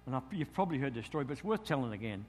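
A middle-aged Australian man, a pastor telling a lively story in a sermon and acting out his own thoughts. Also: medium pitch, racing, slight background noise.

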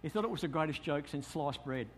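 A man's voice: fairly high pitch, fast talker, breathy edge. Australian man preaching with storytelling flair. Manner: lively storytelling, acts out his own thoughts. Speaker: pastor. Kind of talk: sermon storytelling.

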